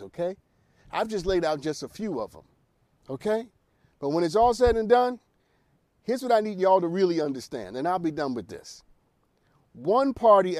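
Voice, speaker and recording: A radio show host delivers an opinionated talk-show monologue packed with emphatic rhetorical questions and repeated phrases. His voice sits high, and the recording is dry.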